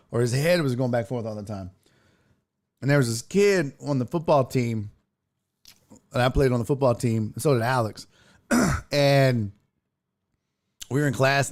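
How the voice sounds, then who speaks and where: A man hosting a casual sports talk livestream, telling stories with lots of swearing and reading viewer chat aloud into a desk mic. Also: medium pitch. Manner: profane, animated storytelling, reads chat aloud. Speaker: sports talk show host. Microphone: headphones and desk mic.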